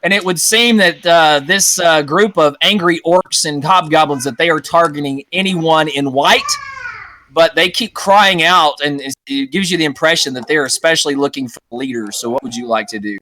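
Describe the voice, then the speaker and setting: A young man acting as game master, narrating a tabletop game in a casual, halting way. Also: a little high, sharp tone, rough recording.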